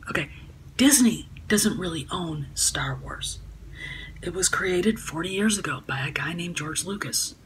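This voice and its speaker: A woman with a low-pitched voice talks casually to her camera at home. She rambles, stumbles over restarts and fillers, and sounds steadily indignant. A faint background noise sits under the recording. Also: a little slow, a bit bright, rough recording. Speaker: YouTube vlogger. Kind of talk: casual talking-head vlog. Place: home room by a sunny window.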